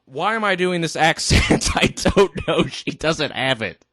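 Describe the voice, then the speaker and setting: A tipsy man in an exasperated rant, his voice sitting high and swinging widely in pitch. He talks slowly and stumbles into restarts, recorded close in a dry room. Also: expressive, a bit bright, dry recording. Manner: indignant, exasperated, halting restarts. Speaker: vlogger. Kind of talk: ranting commentary.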